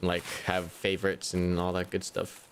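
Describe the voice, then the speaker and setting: A young man streaming a game, chatting casually in a rambling, profane, animated way. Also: low-pitched, moderate pace, slight background noise. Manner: rambling, profane, animated rants with mocking impressions. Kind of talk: casual live-stream chat while gaming.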